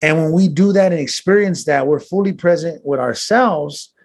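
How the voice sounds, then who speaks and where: A man with a husky, slightly breathy voice sitting a little higher than most men's. He talks earnestly and casually, dropping street slang and swearing as he tells his stories. The delivery is loose and conversational. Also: moderate pace, a little mellow. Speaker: guest.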